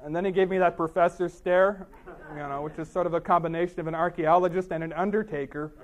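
A man with a high-pitched voice is telling a story on stage before an audience. His humor is dry and wry. He talks in loose, rambling asides full of "you know" and restarts his sentences. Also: steady tone, fast talker. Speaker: author giving a talk.

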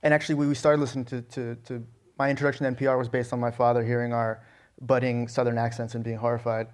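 Fast-talking, flat-toned man telling stories. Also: medium pitch. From Alabama, US. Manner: animated storyteller with frequent restarts and "you know". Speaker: guest, novelist. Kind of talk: conversational interview answers.

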